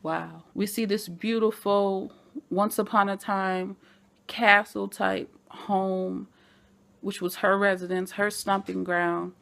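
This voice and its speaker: A woman talks through a TV episode in a relaxed vlog recap. Her voice sits at an ordinary middle pitch. She is animated and chatty and speaks directly to her viewers as fellow fans. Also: slow, creaky. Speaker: TV show reviewer.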